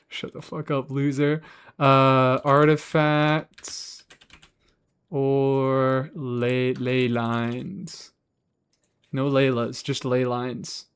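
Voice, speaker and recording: A man's voice: medium pitch, flat delivery, drawn-out words, pauses often, smooth. A young man chatting casually with his chat while streaming a game, sarcastic and swearing freely.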